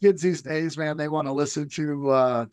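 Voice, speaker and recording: A man's voice: a little high, steady tone, clean tone, dry recording. Man, football coach, middle-aged, earnest, lots of fillers, dry sound. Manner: earnest, halting with many fillers. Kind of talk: casual radio interview.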